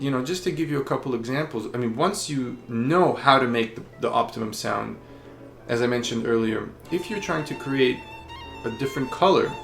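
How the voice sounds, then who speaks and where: Male violin teacher, patient explainer, gravelly tone, roomy echo. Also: medium pitch. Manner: patient, explanatory, with frequent fillers. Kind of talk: instructional explanation.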